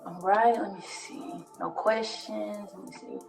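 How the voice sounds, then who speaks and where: A woman's voice: mid-range voice, steady tone, unhurried, gravelly. A woman hosting a casual live stream, slangy, playful and coaxing. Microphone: phone. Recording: echoey room with faint music.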